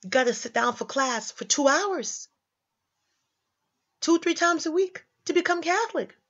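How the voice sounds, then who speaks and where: A woman's voice: high voice, lively intonation, measured pace, fairly bright tone. A young woman giving casual religious commentary, emphatic and slangy, repeating lines for effect. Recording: slightly dull lo-fi audio.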